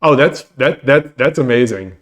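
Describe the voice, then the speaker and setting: On his own stream, a man chats casually with viewers, rambling, laughing, and restarting his sentences often. His voice is expressive, medium in pitch, and moderately paced.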